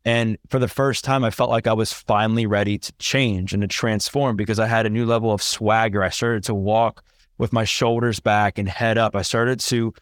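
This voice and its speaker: A man's voice: lowish voice, steady tone, normal speed, dry recording, clean studio sound. A man being interviewed, telling his own story in a candid, earnest way that turns emotional. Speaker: podcast guest.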